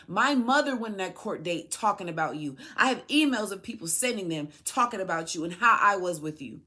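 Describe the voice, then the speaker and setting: A woman's voice: mid-range voice, expressive, brisk, few pauses, sharp tone. Aggrieved woman pouring out a monologue. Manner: aggrieved, pleading, repeats herself for emphasis. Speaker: podcast host, mother addressing her son. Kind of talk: emotional personal monologue.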